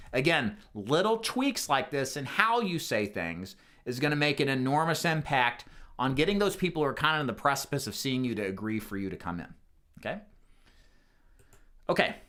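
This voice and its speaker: A man's voice: medium pitch, bright, forceful tone. A man teaching a sales phone script, explaining each step and acting out the sample lines he would say to a customer. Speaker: insurance sales trainer. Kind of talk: sales training walkthrough.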